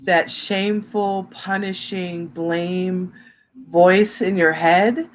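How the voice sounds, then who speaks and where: Woman, podcast co-host, casual chat, frank, rambling stories, animated. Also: on the low side, slow, slight background noise. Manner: frank storyteller, rambling, animated when quoting.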